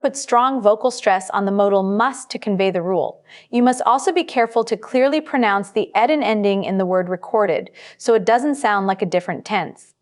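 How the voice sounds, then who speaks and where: Here a woman at medium pitch voices the instructor of a scripted test-prep lesson. It's a studio voice-over, paced evenly and meant to teach.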